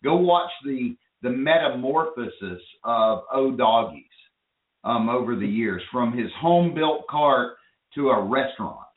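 A man's voice: medium pitch, lively intonation, measured pace. A man hosting a call-in radio talk show, talking with enthusiasm and rambling with restarts. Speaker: show host. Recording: phone-line audio in an echoey room.

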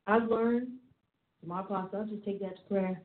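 A woman's voice: mid-range voice, steady tone, moderate pace. A woman apostle preaching a teaching sermon, emphatic and repetitive with a chatty, laughing manner. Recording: tinny phone-like sound in an echoey room.

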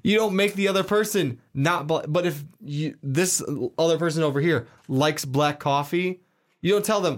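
A man's voice: a little high, normal speed. A young man with a Chicago accent, co-hosting a podcast, talking in an emphatic, repetitive way. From Chicago, USA. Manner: emphatic, repetitive, laughs easily. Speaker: podcast co-host. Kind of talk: casual chat.

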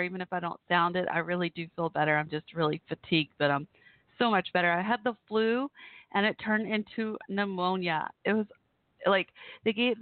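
A woman with a medium-pitched voice hosts a casual internet radio show, her voice weakened by the flu as she chats warmly and directly with listeners. The audio is dry and tinny, like a phone, with no room sound.

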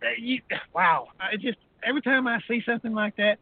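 Brief: fifties man, profane combative ranter, high voice, tinny phone-line sound. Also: a little fast. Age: 50s. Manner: crude, combative, repeats "okay". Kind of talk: profane ranting talk radio.

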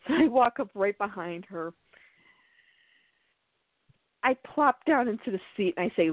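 A woman host tells a funny story in a relaxed, chatty way and keeps breaking into laughter. Her voice sits at an ordinary pitch and comes through a thin, phone-like line. The sound is dry, with no room echo. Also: a little fast, few pauses. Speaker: podcast host. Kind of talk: casual storytelling.

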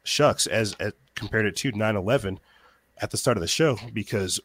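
A man speaking as a guest on a talk show, talking quickly, repeating words as he gets fired up. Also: fairly low pitch, a bit bright, no echo. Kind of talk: podcast interview.

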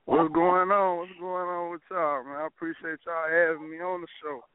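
A man's voice: a little high, level tone, normal speed, slight background noise. A young man, a rapper guest talking casually and laid-back, full of "like" fillers. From Pine Bluff, Arkansas, US. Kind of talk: casual interview over phone. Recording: tinny phone line.

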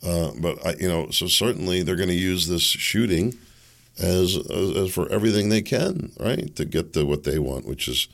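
Blunt, gravelly-voiced male talk host. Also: low-pitched, lively intonation, moderate pace. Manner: blunt, combative, sarcastic. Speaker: talk radio podcast host. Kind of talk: talk radio monologue.

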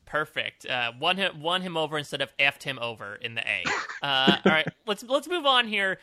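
A man co-hosting a podcast, talking casually and in an upbeat, animated way about comedy sketches, often laughing. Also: fairly high pitch, moderate pace, no echo. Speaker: podcast co-host. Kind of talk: casual review chat.

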